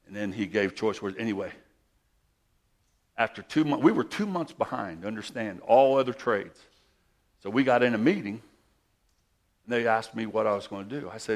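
A man's voice: lowish voice, normal speed, vocal fry, long pauses. Emphatic preacher man. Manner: emphatic, repetitive, swings between loud and hushed. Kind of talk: sermon.

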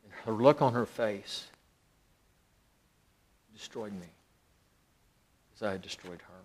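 A middle-aged man, a pastor, telling a personal story in a sermon, swinging dramatically between loud emphasis and hushed, near-whispered lines. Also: lowish voice, slow pace.

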